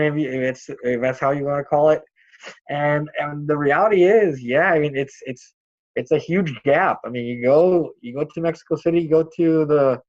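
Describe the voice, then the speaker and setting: A man speaking as a guest in a casual discussion, halting and searching for his words. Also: mid-range voice, darkish tone, dull audio.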